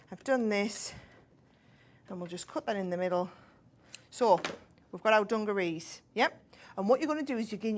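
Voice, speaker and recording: A woman with a northern English accent giving a chatty step-by-step sewing demonstration, checking in with "right?" as she goes. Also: medium pitch. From northern England. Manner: chatty, explains step by step, tag questions. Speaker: crafting guest expert.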